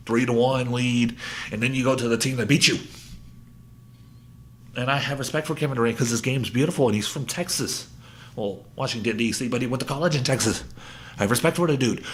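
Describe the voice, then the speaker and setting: Rambling, animated sports podcast man. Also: mid-range voice. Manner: rambling, animated, talks to himself. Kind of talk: solo sports commentary.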